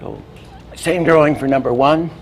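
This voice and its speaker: An animation teacher with a slightly high voice explains animation timing at a normal speed, making little sound effects as he demonstrates. There's slight background noise.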